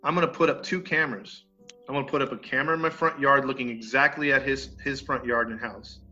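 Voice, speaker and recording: A man's voice: mid-range voice, fast talker. A man casually telling a story on a podcast, acting out the people in it and cursing mildly. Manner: animated, acts out quoted neighbors, mild cursing. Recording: dull lo-fi sound with faint music.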